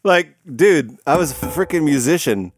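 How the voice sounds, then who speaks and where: A man's voice: on the high side, normal speed. A man telling stories in a casual podcast chat, acting out the dialogue and laughing often. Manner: animated storytelling, acts out dialogue, laughs often. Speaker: podcast guest.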